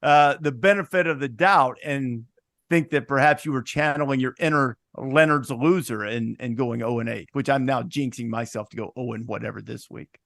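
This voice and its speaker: A man's voice: medium pitch, moderate pace, creaky, a bit bright, no room sound, studio quality. A man hosting a casual sports podcast, chatting and telling stories with easy laughs. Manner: chatty storyteller, laughs easily. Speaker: podcast host.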